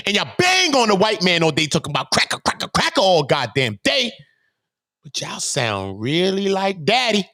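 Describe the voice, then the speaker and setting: A man rants hard on his own channel. His voice sits high and bright and jumps all over the place, dropping to a mutter and then climbing into shouting. The swearing never lets up. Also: wildly swooping pitch, moderate pace. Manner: loud, profane, swings from low muttering to high shouting. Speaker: channel host. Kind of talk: heated commentary rant.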